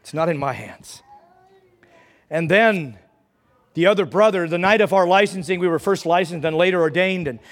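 A man preaching a sermon in church, telling a personal story with feeling and rising into fervent prayer. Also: sits high.

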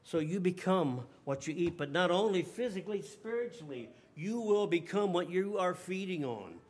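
A man preaching a sermon, reading King James scripture and then exhorting his listeners. He goes soft and slow on key words and rises loud when he presses a point. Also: high voice, lively intonation. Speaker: pastor.

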